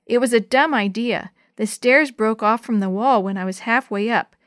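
Storybook boy, eager and impulsive, read by a woman, pitched up. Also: normal speed, fairly bright tone, dry recording, clean studio sound, close to an everyday voice.

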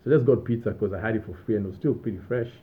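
A young man hosting a podcast, telling stories from his student days in a relaxed, rambling way with small laughs and restarts. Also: on the low side, very fast. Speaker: podcast host. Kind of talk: casual storytelling monologue. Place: Australia. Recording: tinny phone-like sound.

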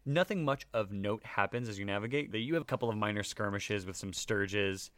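A man's voice: on the low side, brisk, fairly bright tone, clear, resonant tone, no room sound. A man narrating as game master of a tabletop game in a casual, laughing way, with lots of fillers.

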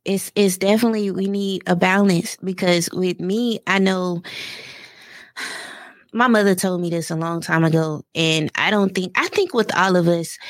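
A woman's voice: fairly low pitch, no echo, studio quality. A woman hosting a podcast, sharing her own experiences in an open, candid, chatty way before asking her guest questions. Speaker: podcast host. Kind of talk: casual podcast interview.

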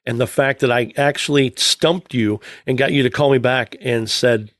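A man's voice: mid-range voice, fairly even intonation, moderate pace, no room sound, studio quality. A man co-hosting a car podcast, joking at his own expense and laughing often. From United States. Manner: jokey, self-mocking, laughs a lot. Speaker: podcast co-host. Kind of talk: casual chat. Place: podcast studio.

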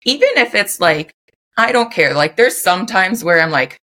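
A young woman with a notably low, deep voice hosts her solo podcast. She talks in a loose, off-the-cuff way, dropping "like" into nearly every sentence. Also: animated, normal speed, pushed and bright. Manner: loose and unscripted, heavy use of "like" fillers. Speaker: podcast host. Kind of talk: casual solo podcast chat.

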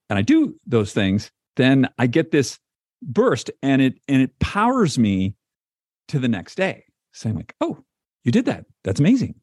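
Man, podcast co-host, casual chat, husky, animated pitch, lots of likes and restarts. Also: no echo, clean studio sound. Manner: chatty, many likes and restarts. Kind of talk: casual conversation.

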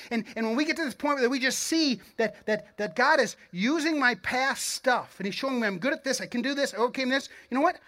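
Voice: mid-range voice, fairly bright tone. Pastor, sermon, earnest, conversational, encouraging, direct to the congregation, repeats words mid-thought, mid-range voice. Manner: earnest, conversational preaching with frequent word repeats.

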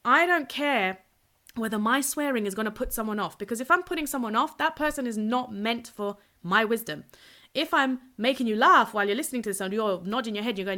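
Bright, blunt woman podcasting solo. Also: a little high, a little fast. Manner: blunt, swears freely, energetic and chatty. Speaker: podcast host and purpose coach.

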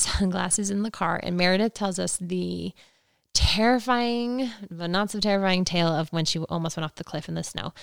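A woman's voice: fairly low pitch, gravelly, clean tone, no echo. A woman hosting a podcast, chatting casually and gossipily as she recaps a reality show and acts out quotes. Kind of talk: casual solo recap chat.

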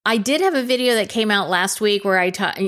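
A woman's voice: mid-range voice, fairly quick, fairly bright tone. A woman hosting her own podcast, talking casually and chattily, often laughing and checking in with "okay?". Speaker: podcast host. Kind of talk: casual solo podcast talk.

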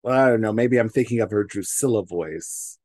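A man's voice: on the low side, a little fast, darkish tone, dry recording, clean studio sound. A man co-hosting a casual podcast chat, hesitant, with frequent restarts. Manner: hesitant, many restarts and fillers. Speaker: podcast co-host.

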